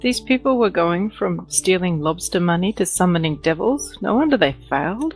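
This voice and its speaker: A woman's voice: on the low side, expressive, normal speed, soft background music. Wry woman joking at the game table. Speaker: player.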